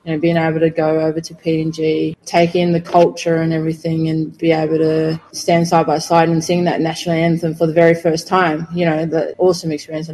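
Earnest woman athlete, flat delivery. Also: low-pitched, brisk, few pauses, rough recording. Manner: earnest, many "you know" fillers. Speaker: rugby player guest. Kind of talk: casual interview answers. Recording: faint background noise.

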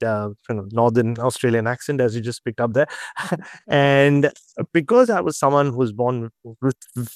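A man, telling personal stories as an interview guest, halting often and restarting his sentences. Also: mid-range voice, no echo, studio quality. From India. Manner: halting, with many restarts and fillers. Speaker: interview guest, cricket journalist. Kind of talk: candid personal storytelling in an interview.

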